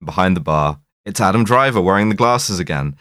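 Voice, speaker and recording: A man's voice: low-pitched, expressive, a little fast, fairly bright tone, dry recording, clean studio sound. A man co-hosting a podcast, recapping a film in a rambling, fond way with plenty of fillers. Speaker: podcast co-host. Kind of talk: casual chat.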